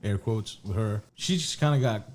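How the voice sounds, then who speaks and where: A man's voice: lowish voice, normal speed, a little mellow. A man co-hosting a podcast, telling a long story in casual chat, rambling and swearing, with many restarts. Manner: rambling, profane, restarts often. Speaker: podcast co-host.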